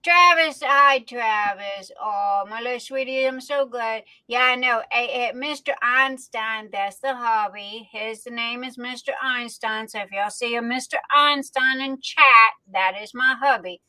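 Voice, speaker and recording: A high, bright-voiced woman hosts a casual livestream, chatting unhurriedly and greeting viewers one by one. Her voice sits close and dry on the mic. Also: steady tone, dry recording, low-quality recording. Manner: chatty, greets viewers warmly by name, drawn-out fillers. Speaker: livestream host. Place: home streaming setup.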